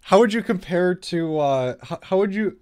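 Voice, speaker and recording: Male podcast host in relaxed conversation; easygoing, a touch higher in pitch, laughing between phrases. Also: moderate pace, smooth. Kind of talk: casual podcast chat.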